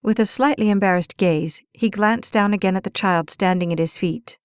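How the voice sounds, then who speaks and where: A woman narrates a romance audiobook in a measured, expressive way, at a middle pitch. The recording is close and dry, with no room sound. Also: smooth, no echo.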